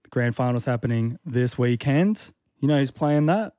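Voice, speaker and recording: A man's voice: medium pitch, expressive, dark tone, no echo, clean studio sound. A young man hosting a drive-time radio show, playful and jokey in casual banter. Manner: playful, jokey, quick to laugh. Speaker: radio host. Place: radio studio. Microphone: studio microphone. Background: music bed.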